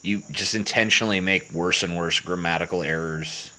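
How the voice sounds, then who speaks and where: A man hosting a livestream and answering chat, with profane, mocking, deadpan replies. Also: low voice, moderate pace, very noisy. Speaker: livestream host reading chat. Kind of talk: crude, sarcastic livestream chat.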